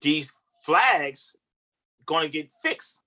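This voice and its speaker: A man's voice: on the high side, lively intonation, very slow, pushed and bright. A man who works as a relationship coach, talking as a podcast guest in a casual, earnest, emphatic way with loose informal grammar. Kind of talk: casual conversation.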